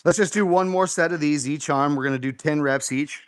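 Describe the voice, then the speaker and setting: A man's voice: a little high, a little fast, no echo. A man hosting a live home workout, explaining form and counting reps aloud in an encouraging way. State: slightly out of breath. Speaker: fitness host.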